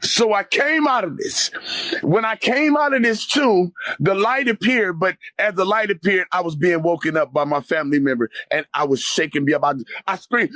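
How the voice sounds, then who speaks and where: A man telling an intense personal testimony as an interview guest, speaking emphatically and rising to near-shouts at dramatic moments. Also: high voice, brisk, dry recording.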